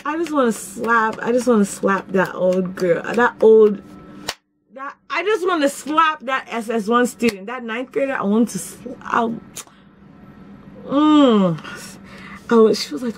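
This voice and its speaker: Animated young woman telling a dramatic story. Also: a little slow, a little hiss or hum. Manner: animated, dramatic storytelling with sudden pitch jumps. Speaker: vlogger. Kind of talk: casual storytime vlog.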